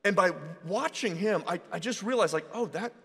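A man preaching a sermon in a relaxed, conversational storytelling way, acting out the voices of people in his stories. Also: sits high, normal speed, husky. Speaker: pastor. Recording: reverberant hall.

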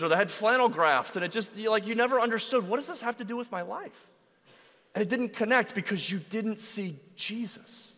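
A man preaching a sermon in a relaxed, conversational storytelling way, acting out the voices of people in his stories. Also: high-pitched. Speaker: pastor. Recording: reverberant hall.

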